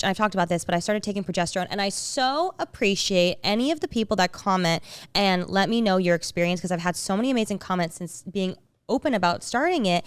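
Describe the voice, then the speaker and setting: Smooth-voiced woman rambling on a podcast. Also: medium pitch, dry recording, clean studio sound. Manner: rambling, full of "like" and restarts. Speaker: podcast co-host. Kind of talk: casual chat.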